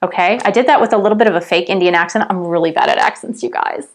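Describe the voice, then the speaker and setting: A woman's voice: on the low side, quick pace. Chatty woman vlogging to her viewers. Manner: chatty, animated, keeps addressing viewers directly. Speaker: spiritual coach and YouTuber. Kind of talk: casual vlog talk to viewers.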